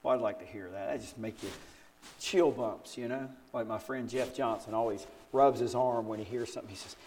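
Older male pastor, sermon delivery, animated storyteller who tosses out rhetorical questions and leaps up in pitch for quotes. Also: brisk, slight background noise. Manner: acts out quotes with big pitch jumps.

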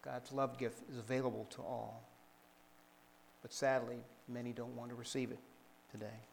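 Gravelly guy preaching a sermon, reads verses out slow, echoey church hall with faint room noise. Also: mid-range voice, level tone. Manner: measured preaching with scripture readings. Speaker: pastor.

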